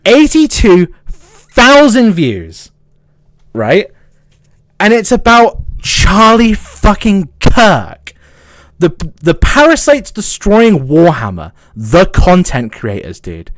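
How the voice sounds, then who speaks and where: A man with a southern English accent rants on a livestream in a high voice that leaps all over the place. He stutters, swears, and works himself up, and his voice sounds dry and close to the mic. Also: slow pace, dry recording. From south of England. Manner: angry, swearing, excitable. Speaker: streamer. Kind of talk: casual livestream rant.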